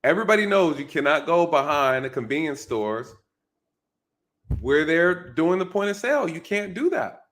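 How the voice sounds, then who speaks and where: A man's voice: a little high, big pitch swings, normal speed, fairly bright tone. A man commenting on a news clip for his viewers, talking casually and emphatically, often asking rhetorical questions and checking in with "right?".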